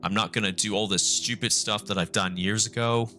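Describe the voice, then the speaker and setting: Remorseful young man streaming, bright-toned. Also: on the low side, steady tone, soft background music. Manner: halting, remorseful, repeats and restarts; swears often. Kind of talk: casual live-stream talk.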